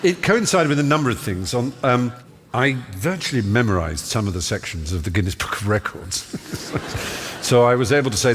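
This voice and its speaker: A man's voice: mid-range voice, animated, a little fast. A middle-aged man from Norfolk, a guest telling stories in a live stage interview with ornate, playful wording and many fillers. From Norfolk, England. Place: large theatre stage. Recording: live theatre hall reverb, faint hiss.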